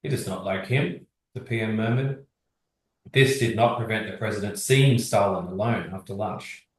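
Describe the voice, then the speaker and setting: A man teaching history revision, reading exam sources aloud at a steady pace and discussing them. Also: lowish voice, moderate pace, recorded from a distance. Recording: very echoey, from across the room.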